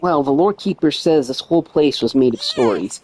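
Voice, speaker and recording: A man's voice: on the high side, big pitch swings, moderate pace, darkish tone, rough recording. A man livestreaming a video game, swearing and joking sarcastically as he reads the game's dialogue aloud in his own voice. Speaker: gaming livestreamer. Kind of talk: casual gameplay commentary.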